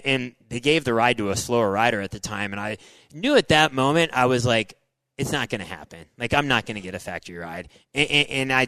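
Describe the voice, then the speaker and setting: A man in his forties, a former motocross racer, telling his story in a casual podcast interview, animated and full of "dude" and "like". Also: medium pitch, no room sound. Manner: animated, says "dude" and "like" a lot, acts out his own past thoughts.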